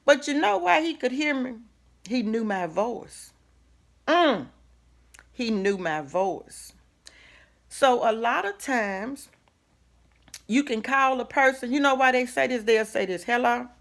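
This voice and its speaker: A woman's voice: on the high side, expressive, takes it slowly, creaky, long pauses, a bit bright. Folksy woman giving a pep talk. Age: middle-aged. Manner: folksy, preacherly, with asides and rhetorical questions. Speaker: host. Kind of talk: casual motivational talk to camera.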